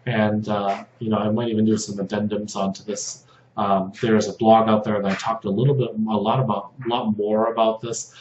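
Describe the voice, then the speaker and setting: Halting, low-voiced man teaching in an echoey room. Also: level tone. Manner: halting, many fillers and restarts, drops softly into repeated prayer phrases. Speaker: video host teaching about control dramas. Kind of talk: casual spoken lesson over slides. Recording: dull lo-fi audio in a roomy space with faint hum.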